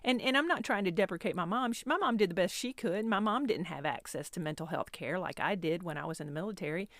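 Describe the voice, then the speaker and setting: Woman, fifties, podcast host, candid storytelling, self-deprecating, rambling, lowish voice, dry close sound. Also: expressive, quick pace, no echo. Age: 50s. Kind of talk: personal storytelling monologue.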